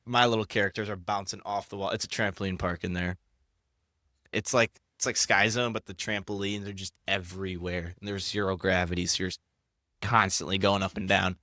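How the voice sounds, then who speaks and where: A man's voice: sits low, fairly even intonation, fairly quick, sharp tone, dry recording, studio quality. A young man co-hosting a casual podcast, hyper and jokey as he rambles and reads scripture. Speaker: podcast co-host.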